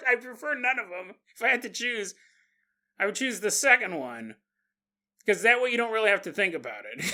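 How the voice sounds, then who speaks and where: A man with a high, sharp voice hosts a paranormal podcast, retelling a strange story for comedy. He laughs often and slips into mock voices for the people in the tale.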